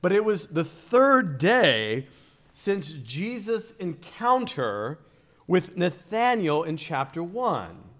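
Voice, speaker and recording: Slow, lively-voiced preacher man. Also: high voice. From Virginia, USA. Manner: slow and deliberate, rising to emphatic swells on key phrases. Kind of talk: sermon.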